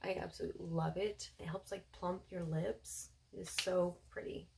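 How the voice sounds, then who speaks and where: Chatty woman with a low, gravelly voice. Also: fairly even intonation, normal speed, a little hiss or hum, low-quality recording. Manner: chatty, gushing, with frequent fillers. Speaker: beauty vlogger. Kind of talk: casual product haul review.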